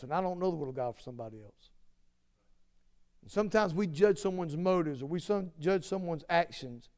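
A man preaching a sermon, earnest and emphatic, repeating phrases and swinging between loud declarations and hushed asides. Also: high voice, clean tone.

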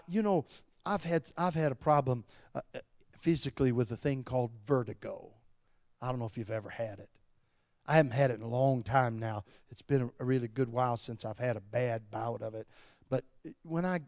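A man preaching a sermon, moving from slow, soft passages to loud, shouted appeals. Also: medium pitch, no echo, studio quality. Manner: wide swings from quiet to shouting. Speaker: pastor.

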